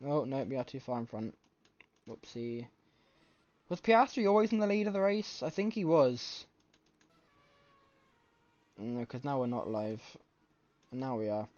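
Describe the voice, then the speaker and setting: A man giving live race commentary from home late at night, excitable and often correcting himself mid-sentence, with a scratchy throat. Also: medium pitch, unhurried, pauses often. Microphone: desk microphone. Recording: slightly muffled lo-fi mic.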